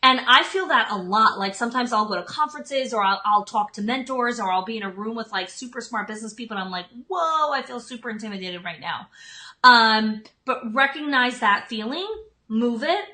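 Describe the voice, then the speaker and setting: A woman's voice: fairly high pitch, brisk, sharp tone. A woman in her thirties hosting a live stream, giving leadership tips in a chatty way, full of "like" and "um". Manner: chatty, frequent "like" and "um" fillers. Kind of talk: casual live-stream talk.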